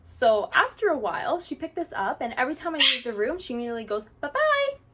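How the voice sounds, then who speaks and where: Chatty woman with a higher voice. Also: lively intonation, fast talker, bright, forceful tone, husky. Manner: chatty and explanatory, with frequent fillers like "like". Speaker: parrot owner and channel host. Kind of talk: casual how-to talk to camera.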